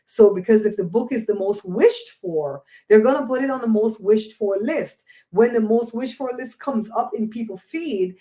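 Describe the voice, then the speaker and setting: Animated, preachy woman host, mellow tone. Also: fairly high pitch, normal speed, few pauses. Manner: animated, preachy, laughs often. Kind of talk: casual livestream chat.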